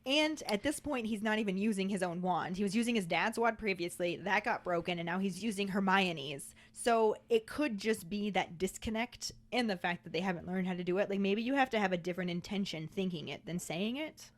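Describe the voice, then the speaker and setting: A woman's voice: medium pitch, a little fast, hardly any pauses, no echo. Chatty woman podcast co-host. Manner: chatty, acts out quoted lines. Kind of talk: casual chat.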